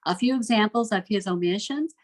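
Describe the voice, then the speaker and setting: A woman teaching a recorded literature lesson from home, reading verse aloud slowly and then explaining it in plain, chatty asides. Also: medium pitch, poor audio.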